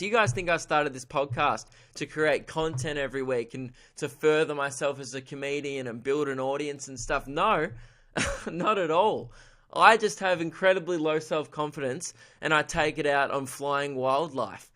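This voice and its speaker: This solo comedy podcast features an Australian host whose voice is a little high with a sharp tone. He rambles along irreverently, laughing at his own gags.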